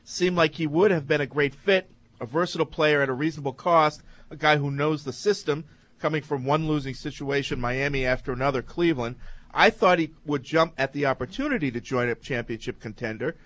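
A man's voice: a little high, fairly quick, a bit bright. New man hosting sports radio. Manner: reads listener emails aloud, easygoing. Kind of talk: casual sports radio chat.

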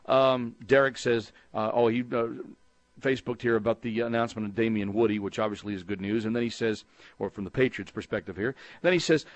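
A man's voice: on the low side, a little fast, dry recording. A middle-aged man from Texas hosting a sports talk call-in show, speaking in a rambling, conversational way with frequent restarts and fillers. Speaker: sports radio host.

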